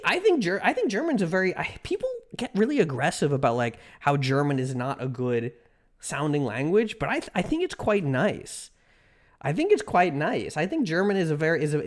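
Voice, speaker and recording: A livestreamer chatting casually with viewers, rambling with many restarts and filler words. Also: medium pitch.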